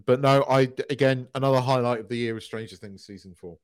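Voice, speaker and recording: A man co-hosting a podcast in casual chat, animated, swearing freely and restarting his sentences often. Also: medium pitch, quick pace, dry recording, clean studio sound. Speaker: podcast co-host.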